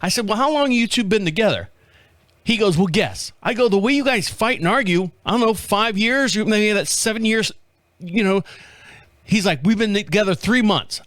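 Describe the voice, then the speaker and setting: Brief: male podcast host, high pitch, dry close sound, animated storyteller who swears freely and laughs a lot. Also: a little fast, no room sound. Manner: animated, acts out other people's voices, swears freely, laughs often. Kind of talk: casual storytelling.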